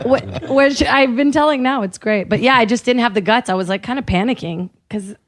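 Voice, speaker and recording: A woman's voice: on the high side, a little fast. A woman comedian chatting casually as a podcast guest, teasing playfully and laughing often.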